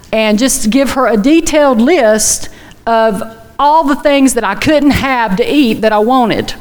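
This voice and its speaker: A woman's voice: fairly high pitch, slow pace, a little mellow. Folksy woman preaching a chatty sermon. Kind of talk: conversational sermon.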